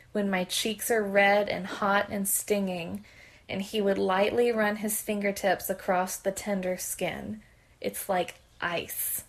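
Woman, mid-pitched voice, candid conversational reading, podcast host. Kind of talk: reading a submitted story aloud.

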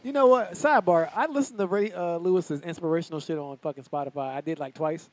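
A man co-hosting a podcast, chatting casually with excitable, profane banter. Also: fairly high pitch, quick pace. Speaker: podcast co-host. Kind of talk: casual chat.

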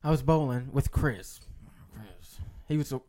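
A man's voice: medium pitch, a little slow, dark tone. A young man telling a rambling story in a casual podcast chat, laughing and acting out the voices of other people.

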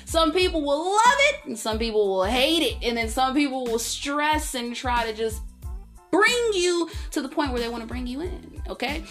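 A woman hosting her own podcast, talking candidly and expressively, with big swings in pitch and loudness for emphasis. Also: animated, moderate pace, faint music behind. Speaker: podcast host. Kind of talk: candid solo podcast monologue.

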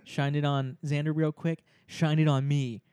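A man's voice: fairly high pitch, flat delivery, normal speed, dark tone, smooth, dry recording, studio quality. A young man telling a story in casual chat among friends, laughing often and acting out the people he quotes.

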